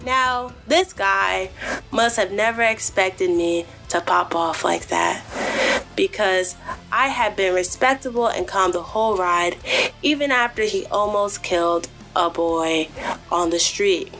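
A woman hosting a podcast, telling a story in a casual monologue, animated and profane, often addressing her listeners directly. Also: mid-range voice. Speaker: podcast host.

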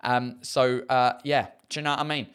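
A man's voice: medium pitch, little pitch movement, normal speed, a bit bright, clean tone. A man, a comedian and host, chatting casually and rambling as he reads out viewer comments, with lots of fillers and the odd swear word. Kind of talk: casual live-stream chat reading comments.

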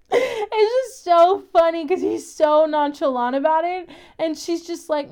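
A woman's voice: high-pitched, animated, unhurried, a little mellow. A young woman hosting a casual, chatty recap of a TV episode, laughing often as she talks. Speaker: podcast host.

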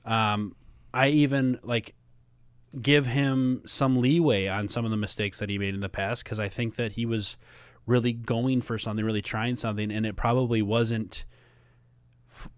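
A man from Minnesota with a Midwestern accent, co-hosting a casual chat in an earnest, halting way with many fillers. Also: mid-range voice, fairly even intonation, clear, resonant tone, dry recording. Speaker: podcast co-host.

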